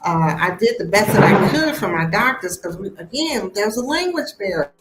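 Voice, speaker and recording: An American woman telling a personal story in a casual, animated way, acting out the voices of people she quotes. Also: mid-range voice, normal speed, reverberant, very noisy. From United States. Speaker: host of a live stream.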